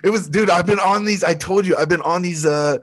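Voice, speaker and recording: A man with a raspy voice, co-hosting a podcast in a loose, joking, rambling chat. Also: sits high, brisk, slight background noise. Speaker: podcast co-host. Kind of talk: casual chat.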